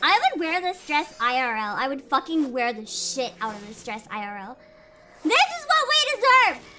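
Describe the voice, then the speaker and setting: A young woman streaming a game live, reacting excitably, swearing often and yelling at the game. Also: a little high, moderate pace. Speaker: VTuber streamer. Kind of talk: live gameplay commentary. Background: game music.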